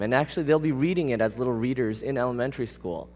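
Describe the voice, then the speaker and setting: A man's voice: mid-range voice, fast talker, few pauses, darkish tone. A man preaching a conversational sermon. He speaks casually but with emphasis and often puts questions to the congregation. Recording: long reverb of a large hall.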